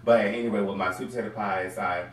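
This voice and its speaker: Deep-voiced man in an echoey room. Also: fairly even intonation, fast talker. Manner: earnest, reflective, playful when teasing. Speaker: guest, sweet potato pie baker. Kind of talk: casual talk show chat. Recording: echoey room, distant mic, faint crowd and noise.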